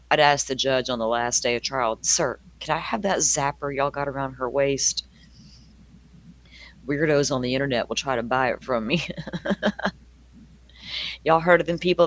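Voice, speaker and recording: A man's voice: medium pitch, a bit bright, no room sound. An older man with a Southern US accent, hosting a true crime livestream and chatting casually with viewers, laughing often and greeting them by name. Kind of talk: casual chat with live viewers.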